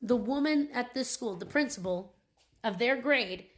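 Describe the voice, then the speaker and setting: A woman's voice: a little high, unhurried. A young adult woman, a mother, venting in an angry vlog rant, upset and indignant about her children's school. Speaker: parent.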